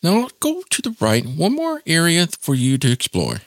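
A man's voice: a little high, huge pitch swings, normal speed, no room sound, clean studio sound. A man giving a casual spoken tutorial in a chatty, informal way, with plenty of asides. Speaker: tech tutorial presenter.

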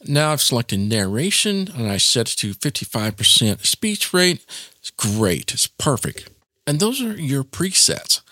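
Chatty man with a lively voice. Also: mid-range voice, measured pace, no echo, clean studio sound. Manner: chatty and informal, with "yep" and "nonetheless" asides. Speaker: tech tutorial presenter. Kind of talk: casual spoken tutorial.

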